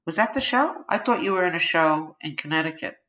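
A woman's voice: on the low side, lively intonation, fairly quick, fairly bright tone, rough recording. A middle-aged woman chatting as a podcast guest, answering briefly in a laid-back way. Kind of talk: casual chat.

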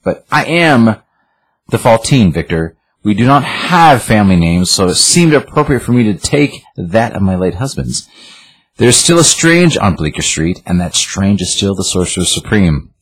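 A man voicing a proud, regal sorceress who speaks in a lofty, mocking, measured way while reading out comic dialogue. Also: on the low side, big pitch swings, a little hiss or hum, low-quality recording. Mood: stern. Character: regal sorceress woman, calm, cutting and proud.

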